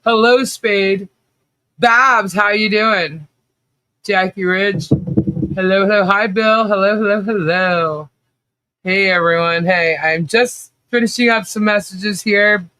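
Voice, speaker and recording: A woman hosting a casual livestream, bubbly and greeting viewers one after another, with a low voice she says people mistake for a man's. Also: sharp tone, no echo. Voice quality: low voice often taken for a man's. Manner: bubbly, greets chat viewers rapidly by name. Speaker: livestream host. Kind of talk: casual live chat.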